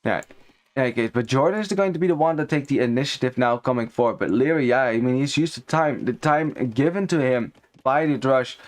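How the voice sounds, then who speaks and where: A man's voice: medium pitch, brisk. Chatty male strategy-game caster. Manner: chatty, analytical, explains mechanics as he goes. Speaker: esports caster. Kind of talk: live strategy-game commentary.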